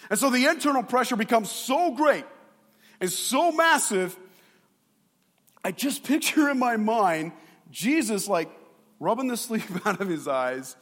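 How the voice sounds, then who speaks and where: A male pastor preaching a sermon in a playful, animated way, acting out voices. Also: very high voice, measured pace, long pauses, long reverb tail.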